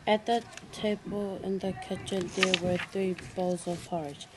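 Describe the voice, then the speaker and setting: A woman teacher reading a storybook aloud in a clear, steady read-aloud manner. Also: medium pitch, unhurried, very noisy.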